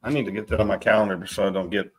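A man's voice: lowish voice, fairly even intonation, rapid-fire, husky. A man hosting a casual livestream chat, laughing often and reading viewer comments aloud. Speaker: livestream host.

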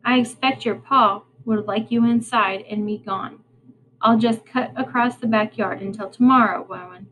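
Woman reading as a gruff young salesman. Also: fairly high pitch, steady tone, normal speed, fairly bright tone, slight background noise, close to an everyday voice, rough recording. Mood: hushed. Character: young male traveling salesman, gruff and proud.

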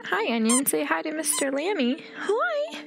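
A woman's voice: sits high, lively intonation, moderate pace, music in the background. A young woman hosting a let's-play video, giving giddy, chatty commentary that breaks into squeals. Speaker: gaming video host.

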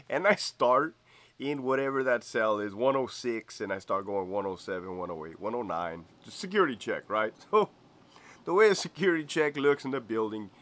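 A man's voice: medium pitch, fairly bright tone. A man who used to be a prison officer telling a story casually, slangy and profane, laughing often.

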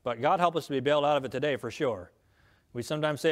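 A man's voice: on the high side, fast talker. A middle-aged man preaching a sermon as pastor, earnest, reading scripture aloud and rising in voice on key lines.

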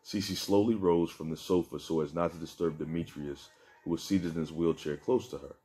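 A man reading aloud from a novel in a steady, subdued way. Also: rumbling low, normal speed. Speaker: narrator reading his own novel. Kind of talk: book reading.

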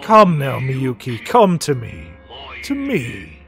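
A man's voice: mid-range voice, wildly swooping pitch, slow, vocal fry, fairly bright tone, soft background music, voice pushed down, exaggerated voice. A man voicing a vengeful, possessive male spirit in a video game, speaking with grandiose command. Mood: menacing.

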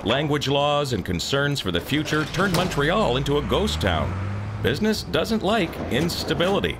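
A man doing measured, ironic documentary-style narration. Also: a little high, sing-song, background noise.

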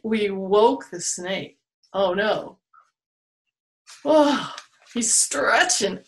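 Woman, children's storytime host, unhurried delivery, playful, big exclamations, medium pitch. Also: creaky. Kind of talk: children's storytime, told to camera. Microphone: video recorded for online viewing.

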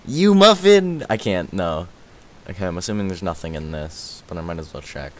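A man streaming a game live, rambling excitedly, answering chat and thanking viewers as he plays. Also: sits low, a little fast. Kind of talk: live gaming stream chatter.

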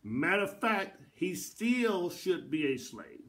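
A middle-aged pastor teaching a Bible study in a church, with a repetitive preacherly cadence that builds to emphatic peaks. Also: male voice, a little high, sing-song, slow pace, few pauses. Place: church sanctuary.

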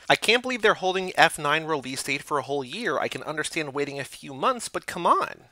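A man's voice: on the high side, sing-song, bright, forceful tone, no room sound. A man co-hosting a casual podcast, reading listener emails aloud and stopping to react. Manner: reads emails aloud in chunks, pausing for reactions. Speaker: podcast co-host.

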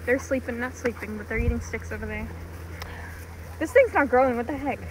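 A woman's voice: fairly high pitch, brisk, background noise. A woman playfully teasing dogs outdoors, speaking from a distance off the mic. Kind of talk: casual chat with dogs. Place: outdoors in a yard.

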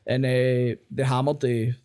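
A young Glaswegian man, a comedian guest on a podcast, telling rapid, sweary anecdotes and often breaking into laughter. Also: medium pitch, level tone, warm tone, clean tone. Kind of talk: casual podcast chat.

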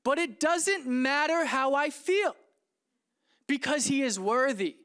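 Animated, playful male pastor. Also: extremely high pitch, slow. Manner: animated, playful, acts out scenes with laughs. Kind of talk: sermon.

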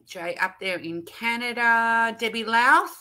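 Greeting people on her live craft stream, this Australian woman sounds bubbly and laughs a lot as she chats from her craft room. She speaks a little slowly, with a high-leaning voice that's bright and pushed.

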